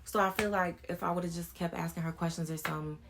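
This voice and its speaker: A woman's voice: lowish voice, fairly even intonation, quick pace, noisy background. A woman in her thirties, a vlogger, telling a personal story in a frank, informal way as she talks things through.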